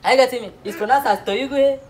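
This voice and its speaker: A woman's voice: sits high, fast talker, a little mellow. A woman playing a teacher in a comedy classroom sketch, lecturing preachily and laughing often. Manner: preachy, mock-serious lecturing with frequent laughs.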